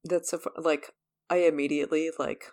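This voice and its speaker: A woman's voice: deep voice, little pitch movement, fairly quick, darkish tone. A woman co-hosting a podcast, chatty and laughing often in a casual chat full of "like" fillers. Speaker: podcast co-host.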